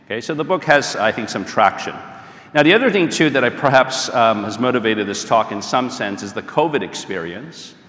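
A man's voice: mid-range voice, expressive, a little fast, fairly bright tone. An American man giving an informal talk to a live audience, chatty, with many fillers and frequent "okay?" checks. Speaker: speaker leading a talk on marriage. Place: large hall or church. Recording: echoey hall with long reverb.

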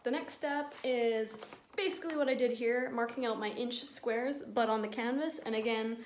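Woman painter, casual how-to voice, chatty and a bit jokey; slightly high, echoey room. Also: moderate pace, a little hiss or hum. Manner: chatty, jokey, thinks aloud through the math. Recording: echoey room with faint ambience.

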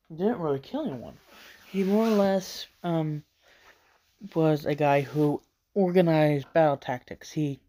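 A man's voice: a little high, dark tone. A man casually narrating character lore for his own video, rambling and hesitant with many fillers. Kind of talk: casual lore talk over a speedpaint.

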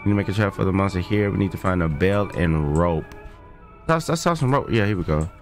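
A man hosting a gaming video, giving casual, slangy let's-play commentary and yelling in fright. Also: sits low, quick pace, soft background music. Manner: excitable, yells in fright, slangy.

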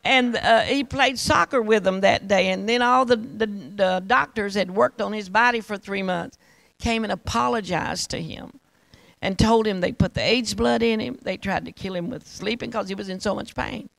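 A woman's voice: mid-range voice, normal speed, creaky, fairly bright tone, dry recording, low-quality recording. A woman preacher telling a testimony in a rambling, fervent sermon that repeats itself.

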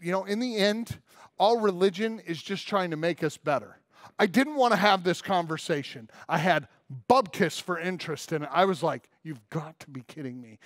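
A man's voice: high-pitched, no room sound. A man preaching a sermon as pastor, telling stories with acted-out dialogue and pressing his points with emphasis. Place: church.

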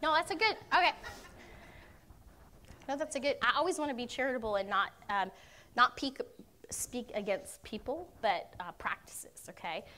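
A woman's voice: on the high side, moderate pace, pauses often, bright, forceful tone. A woman speaking at a conference Q&A, explaining her views earnestly and often checking in with her listeners. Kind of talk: Q&A teaching talk. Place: university conference room.

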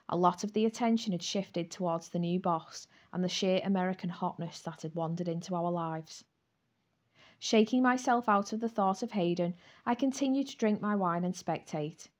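A woman's voice: on the low side, darkish tone. Woman reading a first-person romance novel. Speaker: audiobook narrator.

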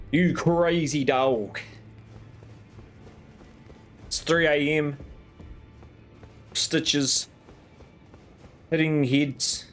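A New Zealand man streams a game late at night and banters loosely with his chat. His pitch swings up and down while he talks slowly and swears freely. Faint game music plays under his voice.

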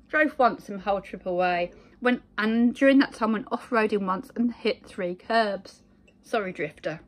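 A woman's voice: medium pitch, fairly bright tone. A middle-aged woman from England talking casually to her phone in a rambling monologue, full of fillers and asides. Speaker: vlogger.

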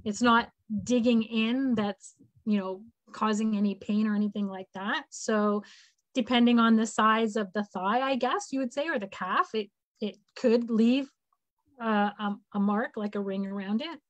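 A woman hosting an online info session, answering a question with a hesitant, halting explanation over a video call. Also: on the high side, no echo, highs cut off.

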